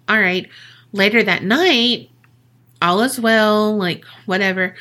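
Bright, unhurried woman telling a ghost story. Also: medium pitch. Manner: profane, jokey retelling with quick asides. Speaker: podcast co-host. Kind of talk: casual storytelling chat.

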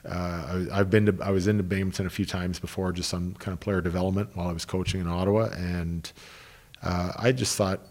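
A man's voice: low voice, little pitch movement, fairly quick, darkish tone. A man, a hockey coach, telling long anecdotes in an interview, restarting sentences and quoting people he worked with. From Canada. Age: 30s. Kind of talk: interview storytelling.

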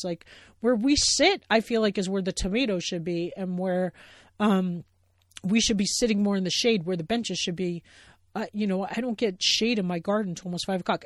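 A woman's voice: mid-range voice, dry recording, studio quality. Rambling, enthusiastic woman podcast host. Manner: rambling and enthusiastic, full of fillers and restarts. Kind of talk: casual solo podcast talk.

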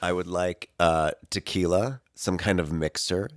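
A man co-hosting a comedy podcast, deadpan and blunt with sudden silly bursts. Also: low voice, unhurried, dry recording. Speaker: podcast co-host.

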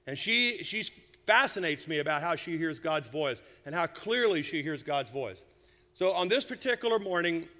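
A middle-aged man preaching a sermon, telling a humorous family story with lively, animated delivery. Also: on the high side. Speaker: senior pastor. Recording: church hall reverb.

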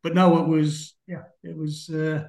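A man's voice: a little high, flat delivery, measured pace, vocal fry, a little mellow. A man, a former footballer telling rambling anecdotes in an interview. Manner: chatty, rambling, with many fillers. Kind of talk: anecdotal storytelling in a conversation. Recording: roomy echo.

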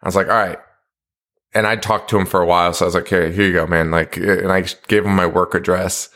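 Laid-back, swearing podcast host. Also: male voice, low voice, steady tone, fast talker, a bit bright. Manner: laid-back, swears freely, laughs often. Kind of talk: casual chat.

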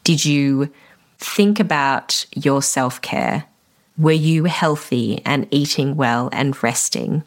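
With a bass voice and a slow pace, a woman who photographs weddings talks alone on her podcast to other vendors. Her manner is reflective and encouraging, occasionally tinged with emotion.

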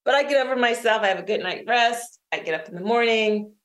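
Lively middle-aged woman telling a story. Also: a little high, fast. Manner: lively storyteller who laughs often. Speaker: interview guest, author and creativity strategist. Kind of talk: storytelling in conversation.

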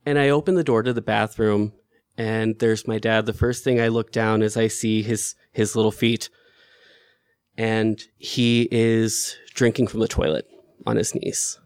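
Smooth-voiced man telling a personal story. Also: fairly low pitch, little pitch movement, a little slow, no echo, studio quality. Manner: candid and conversational, with filler words and restarts.

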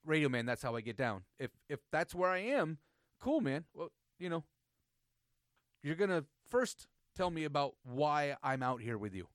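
A man telling a long story in casual podcast banter, animated and teasing, with frequent restarts. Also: a little high, moderate pace, no room sound, clean studio sound. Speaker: podcast host.

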